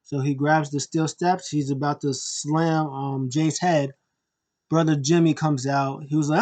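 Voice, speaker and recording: A man hosting a wrestling review, retelling a match in an excited, rambling play-by-play way. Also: fairly high pitch, measured pace. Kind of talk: casual wrestling recap.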